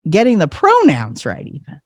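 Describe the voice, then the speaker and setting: Animated man telling a personal story. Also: on the high side, no room sound, clean studio sound. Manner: animated, acts out voices, laughs often. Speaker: podcast guest. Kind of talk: personal storytelling in casual chat.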